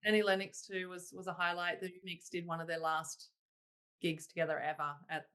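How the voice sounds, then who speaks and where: Bright-voiced woman telling stories. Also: lowish voice, a little fast, clear, resonant tone. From Australia. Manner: animated, laughing, quoting herself in exclaimed asides. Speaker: guest, singer-songwriter. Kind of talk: casual interview storytelling.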